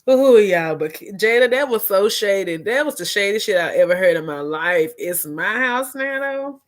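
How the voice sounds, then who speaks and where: Sex: woman. Role: vlog host. Style: casual gossip commentary. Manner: animated, profane, laughing, mid-pitched. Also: a little fast. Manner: animated, profane, laughing, talks to viewers as y'all.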